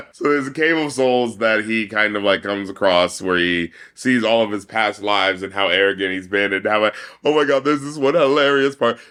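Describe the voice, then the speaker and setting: A man's voice: fairly low pitch, normal speed, few pauses, sharp tone, clear, resonant tone. Laughing male podcast host. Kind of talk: casual chat.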